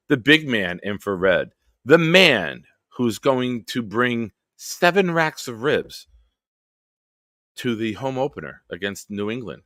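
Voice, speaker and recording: A man's voice: deep voice, a bit bright, dry recording, clean studio sound. A man hosting a football fan livestream from his basement, rambling and swearing casually. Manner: rambling and profane. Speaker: host of a football fan show. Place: home basement.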